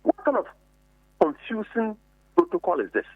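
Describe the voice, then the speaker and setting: Emphatic man, lively high voice. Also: normal speed, husky, dry recording. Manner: emphatic, indignant, rhetorical questions. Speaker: member of parliament on a committee. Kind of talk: heated political commentary. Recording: tinny phone-like dry line.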